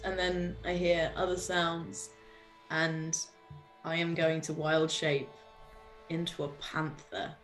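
British female player, slightly low pitch, animated and laughing over faint music. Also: very slow, rough recording. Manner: animated, laughing as she describes her moves. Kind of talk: playing a tabletop game.

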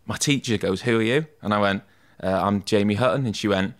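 A man's voice: fairly low pitch, fairly even intonation, a little fast. A man, a tattoo artist, telling stories from his school days in a casual podcast interview, often saying "mate" and "like". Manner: chatty, self-deprecating, says "mate" and "like" a lot.

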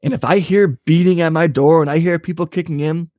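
A man's voice: fairly high pitch, steady tone, fairly quick, darkish tone, no room sound, studio quality. A young man co-hosting a podcast, ranting angrily with lots of swearing in casual chat. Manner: angry, profane ranting. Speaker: podcast co-host.

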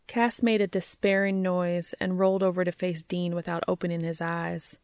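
A woman reading romantic fiction aloud in a steady, measured way. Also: on the low side, no room sound, studio quality. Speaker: narrator.

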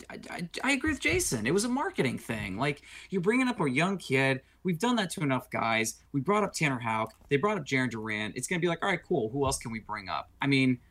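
A man co-hosting a sports podcast, telling stories in a joking, animated way. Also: fairly high pitch. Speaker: podcast co-host. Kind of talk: casual sports talk.

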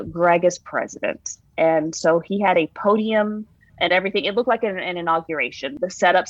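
A young adult woman, an interviewee recounting a personal story, animated as she retells it. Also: fairly low pitch, no room sound. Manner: animated retelling, voices her own past words. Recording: dull lo-fi sound.

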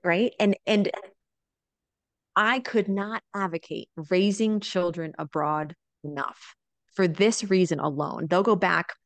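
Speaking slowly in a low-leaning register, this woman in her thirties is recorded dry, with no room sound. A guest on a relaxed interview, the mother of four living abroad animatedly recounts family stories and keeps checking in with "right?".

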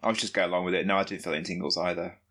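A man's voice: low voice, flat delivery, rapid-fire, fairly bright tone. A man co-hosting a podcast in casual chat, dry and matter-of-fact. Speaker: podcast co-host.

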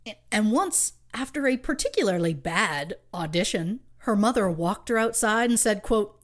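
A woman hosting a podcast tells a true crime story from her notes. Her voice sits at an ordinary middle pitch, and she keeps the telling light with wry asides. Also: lively intonation, moderate pace, few pauses. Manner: wry, reads research with asides and laughs. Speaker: podcast co-host.

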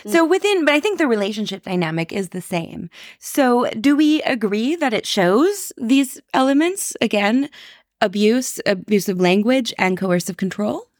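A woman's voice: fairly high pitch, expressive, moderate pace, dry recording. Woman podcast host, giggly casual chat, dead dry mic. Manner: laughs often, reads headlines aloud.

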